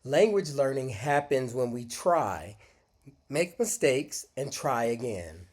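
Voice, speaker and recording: A man teaching a short English lesson, speaking deliberately and modeling phrases for learners to repeat. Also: medium pitch, animated, darkish tone. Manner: slow, deliberate, encouraging, models phrases aloud for repetition. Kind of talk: scripted micro-lesson with screen demo.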